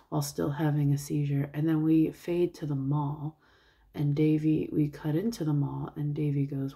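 A young woman casually retelling a film plot, rambling with fillers and soft asides. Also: low voice, flat delivery, normal speed. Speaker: vlogger.

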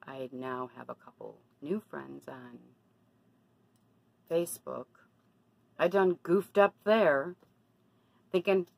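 A woman's voice: sits low, takes it slowly, gravelly, pauses often, a little mellow, rough recording. A woman talking casually to her camera in a personal vlog, confiding and then indignant about bad deals. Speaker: vlogger.

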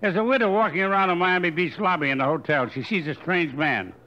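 An older male comedian works through a string of deadpan one-liners into a stage microphone. His voice is bright and forceful and sits a little high. The live recording sounds dull and carries a faint hum of room ambience. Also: fast talker. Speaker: stand-up comedian. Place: hotel showroom stage.

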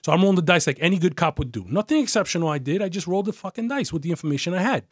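A man's voice: sits high, animated, very fast, slightly rough, no echo, studio quality. A middle-aged man, a former detective telling a story bluntly, swearing often and acting out the voices of people in it. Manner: blunt, profane, acts out voices in his stories. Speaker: retired police detective. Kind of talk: casual storytelling interview.

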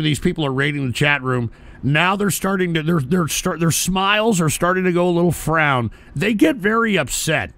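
A man hosting a live stream, ranting in a profane, combative way with sarcastic asides and sudden bursts of shouting. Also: a little high, gravelly.

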